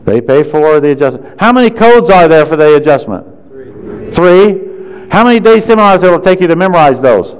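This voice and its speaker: A man's voice: a little high, sing-song, normal speed. A man speaking to a room of chiropractors at a seminar, firing rhetorical questions and sarcastic asides.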